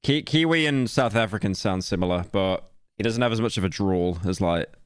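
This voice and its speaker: A man's voice: fairly low pitch, brisk, smooth, no room sound, clean studio sound. A man commentating casually on a live stream, making sarcastic jokes as he watches. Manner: joking, sarcastic asides. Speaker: streamer reacting to a video.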